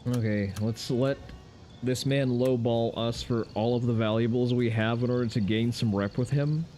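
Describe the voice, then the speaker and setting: A man's voice: medium pitch, steady tone, moderate pace, dark tone, slight background noise. A man giving loose, profane gameplay commentary on a stream, with wry asides to his chat. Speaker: game streamer.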